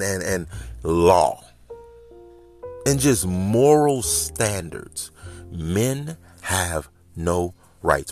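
A man in his thirties hosting a casual podcast monologue, talking in an animated, rambling way straight to his listeners. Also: deep voice. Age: 30s. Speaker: podcast host. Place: home, smoking while recording.

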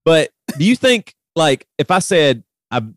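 A middle-aged man tells a long, exasperated story in casual conversation. His pitch swings widely, climbing sharply when he gets worked up, and the recording is dry and close. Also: unhurried, no room sound. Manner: animated retelling, voice rising sharply when heated.

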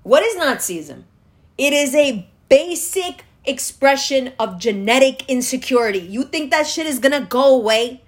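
High-voiced woman ranting with profanity. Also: lively intonation, normal speed. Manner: profane, scornful, lecturing the viewer directly. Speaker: political commentator. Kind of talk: angry political rant to camera.

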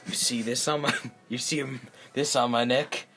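A man's voice: medium pitch, steady tone, normal speed, fairly bright tone, slight background noise. A young man rambling and stammering through goofy improvised role-play with friends, taking on a mock-menacing tone.

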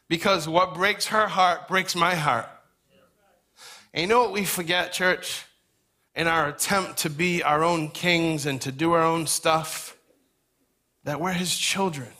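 A man's voice: a little high, pushed and bright. A middle-aged man preaching a sermon in a conversational, folksy way, with asides to the congregation. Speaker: pastor.

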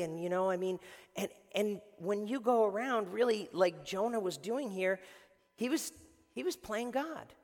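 High-voiced male pastor preaching in a reverberant hall. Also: a little slow. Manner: animated, conversational, emphatic with frequent restarts. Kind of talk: sermon. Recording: long reverb in a large hall.

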